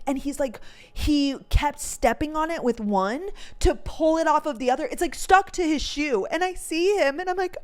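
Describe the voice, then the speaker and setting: A woman's voice: high-pitched, darkish tone. A woman in her twenties, a podcast host from North Dakota, telling a story in a chatty, emotional way full of filler words. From North Dakota, USA. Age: 20s. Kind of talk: casual storytelling chat.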